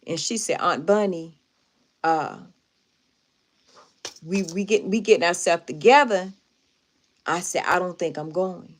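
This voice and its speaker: A woman live streaming, casually telling a story to her viewers in an emphatic, animated way with lots of repetition. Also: on the low side, measured pace, long pauses.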